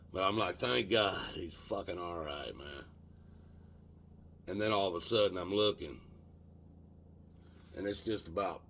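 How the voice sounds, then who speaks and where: A deep, gravelly man tells a rough story full of swearing. His low voice crackles with fry as he drags out the tense moments. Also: bright, forceful tone. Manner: profane, colloquial, drawn-out dramatic retelling. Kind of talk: casual spoken storytelling.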